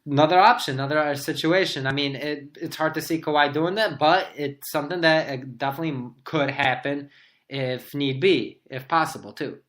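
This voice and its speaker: A man's voice: normal speed, a bit bright. Man co-hosting a casual sports podcast. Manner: thinks aloud, pitching hypothetical trades. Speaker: podcast co-host.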